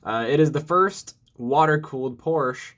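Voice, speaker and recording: A man's voice: fairly high pitch, a little slow. Upbeat young man vlogging to camera. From Metro Detroit, USA. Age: 20s. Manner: upbeat, energetic greeting, then steady storytelling. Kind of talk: casual vlog to camera.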